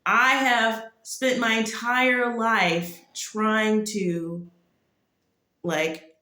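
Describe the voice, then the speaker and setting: A woman's voice: a little high, steady tone, drawn-out words, sharp tone. A woman giving a casual spoken testimony, rambling and full of "like" fillers. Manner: rambling, heavy use of "like" fillers. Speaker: testimony speaker. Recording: echoey room.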